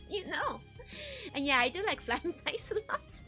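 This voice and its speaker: On a live stream, a woman with a high, bright voice chats casually and very animatedly, taking it slowly as she answers viewer messages as they arrive. Soft game music plays behind her.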